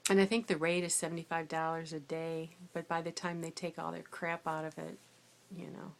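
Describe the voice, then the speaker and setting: A middle-aged woman, tired from a sleepless night, telling a rambling, chatty story about her day substitute teaching, and growing animated when she quotes herself. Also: on the low side, a little fast, creaky. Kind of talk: casual storytelling vlog.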